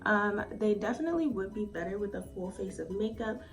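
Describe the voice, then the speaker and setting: A woman's voice: mid-range voice, expressive, brisk. Chatty, foul-mouthed woman reviewing lashes. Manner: chatty, swears freely, lots of "like" and "um". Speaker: beauty vlogger. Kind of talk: casual try-on review. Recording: slightly distant mic with faint music.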